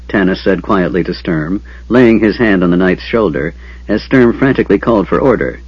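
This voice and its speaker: A man narrating a fantasy audiobook in a steady, dramatic storytelling manner. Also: lowish voice, fairly quick, breathy edge, dry recording. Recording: dull lo-fi.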